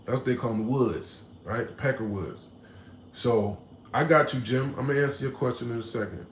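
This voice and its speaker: A man streaming to his chat and telling a story in an animated, slangy way, often tossing in "right?". His voice sits in the middle of the male range. The room sounds echoey, with a faint ambience behind him. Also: mid-range voice, brisk, a little hiss or hum. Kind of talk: casual storytelling to a live chat.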